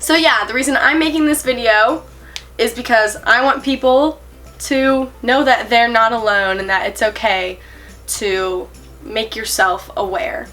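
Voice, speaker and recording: An eighteen-year-old woman chats to her camera in a casual vlog, earnest and a bit nervous. Her voice sits a little high and sounds bright and forward, and she rambles, corrects herself and giggles self-consciously. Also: fairly even intonation, measured pace, faint music behind. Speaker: vlogger.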